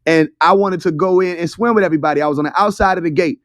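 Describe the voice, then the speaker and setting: A man's voice: sits high, very fast, dry recording, clean studio sound. A young man hosting an online audio room, telling a story in a loose, chatty, profane way. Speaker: host of an audio chat room. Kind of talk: casual storytelling talk. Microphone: phone in an online audio room.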